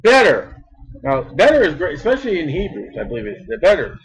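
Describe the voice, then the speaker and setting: High-voiced emphatic male preacher. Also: huge pitch swings, fairly quick, husky, rough recording. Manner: emphatic, repeats words, shifts between loud and soft. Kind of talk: sermon.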